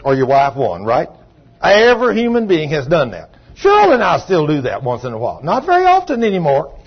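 Older man, pastor, folksy sermon, husky voice, dull recording. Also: fairly high pitch, wildly swooping pitch, brisk. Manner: folksy preaching, swings from soft to loud. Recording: dull lo-fi sound.

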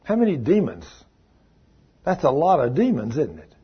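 A man's voice: a little high, wildly swooping pitch, normal speed, slightly rough, dull audio. A man preaching a fervent sermon in a church, mixing stories with scripture reading. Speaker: pastor.

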